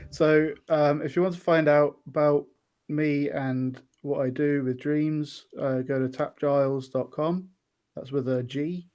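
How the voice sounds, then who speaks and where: A man's voice: on the high side, steady tone, slow, a little mellow. A man guesting on a podcast, chatting casually with frequent ums and restarts. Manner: hesitant, many ums and restarts.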